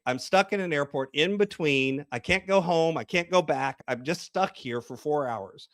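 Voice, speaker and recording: A man's voice: high-pitched, no room sound, clean studio sound. A man, a coach and author, talking in an interview and acting out small scenes as he tells a story. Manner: storytelling, acts out dialogue. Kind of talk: podcast interview.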